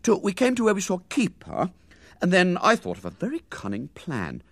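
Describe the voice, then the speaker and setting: A man's voice: sits high, wildly swooping pitch, brisk, fairly bright tone, no echo, pitched above the performer's own voice, heavily acted. A man voicing a boastful schoolboy who chatters on with his mouth full.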